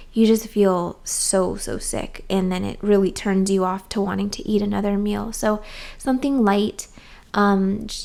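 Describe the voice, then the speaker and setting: Slow, gravelly-voiced young woman vlogging. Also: medium pitch. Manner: soft, open-hearted, with frequent "um" and "like". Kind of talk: candid personal vlog talk.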